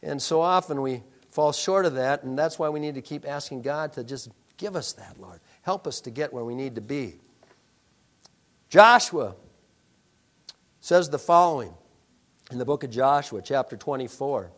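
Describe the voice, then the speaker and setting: A man's voice: medium pitch, animated, normal speed, fairly bright tone. A male pastor preaching a sermon, emphatic, with rhetorical questions to the congregation.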